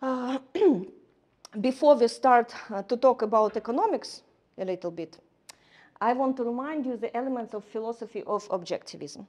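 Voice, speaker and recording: A woman giving a lecture in English, halting often with fillers and restarts. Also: on the high side, lively intonation, darkish tone. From Ukraine. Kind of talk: lecture to a class.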